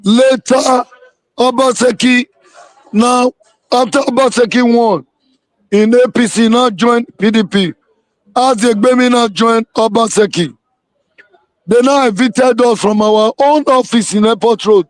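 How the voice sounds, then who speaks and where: Man, very high voice, dry sound, emphatic call-in guest. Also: measured pace, no echo. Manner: emphatic, repeats himself for weight. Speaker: political guest on a live show. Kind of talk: live call-in interview.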